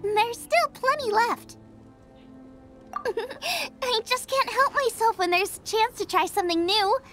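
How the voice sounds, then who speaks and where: A woman's voice: very high-pitched, faint music behind. A bubbly young chef girl. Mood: eager. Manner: bubbly, enthusiastic, rapid excited outbursts. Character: young female chef, cheerful, eager and food-obsessed. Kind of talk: video game voice acting.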